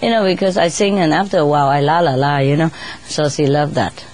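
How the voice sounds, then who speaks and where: A woman chatting casually in non-native English, laughing often and sometimes mimicking birds in a squeaky voice. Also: brisk, a little mellow. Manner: laughs often between phrases; imitates birds in high squeaky voice. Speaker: bird keeper telling stories. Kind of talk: casual storytelling.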